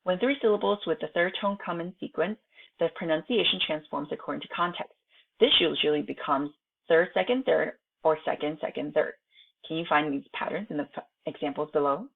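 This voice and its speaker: A woman's voice: deep voice, a little fast, creaky. A woman teacher whose first language is Chinese, reading a textbook lesson aloud and breaking off to chat to her students with frequent "right?" tags. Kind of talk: recorded online lesson. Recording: tinny phone-like home recording.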